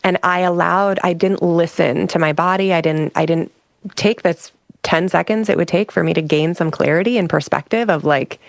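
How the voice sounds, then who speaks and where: Gravelly low-voiced woman telling a story. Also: normal speed, dry recording. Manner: frank, reflective, with frequent restarts. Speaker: guest, emotional regulation specialist. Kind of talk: candid conversational storytelling.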